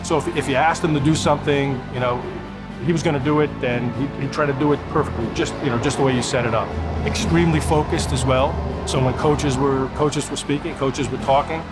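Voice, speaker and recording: Man praising a focused player, loud music. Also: medium pitch, fairly even intonation, a little fast, poor audio. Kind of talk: documentary interview.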